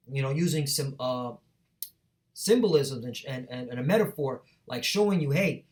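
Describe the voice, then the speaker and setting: A man teaching from the Bible in an emphatic, preachy way, reading verses aloud and checking in with the listener as he goes. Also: on the high side. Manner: emphatic, repeats "all right?" and "man". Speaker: street preacher.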